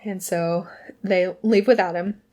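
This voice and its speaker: A woman co-hosting a podcast, casually retelling a film's plot with a lively manner. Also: lowish voice, measured pace. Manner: lively retelling, with bits of character voices. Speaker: podcast co-host. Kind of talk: casual movie recap chat.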